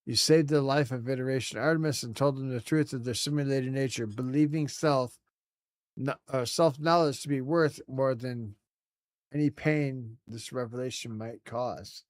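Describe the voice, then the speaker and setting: A man voicing an ancient, all-knowing cosmic entity from a video game, reading its lines slowly and solemnly. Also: mid-range voice, no echo, studio quality, natural voice.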